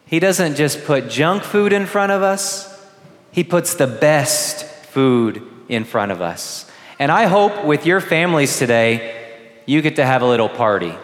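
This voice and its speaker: A man preaching a gentle homily to first communicants, asking the children questions. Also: on the high side, expressive, unhurried. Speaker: priest. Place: large church. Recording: long church reverb.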